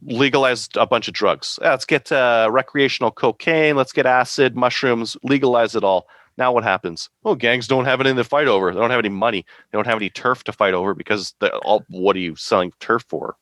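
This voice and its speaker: A man's voice: medium pitch, fairly quick, few pauses, fairly bright tone, no echo, clean studio sound. A man co-hosting a podcast, making his case casually with frequent hesitations. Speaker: podcast co-host. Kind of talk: casual chat.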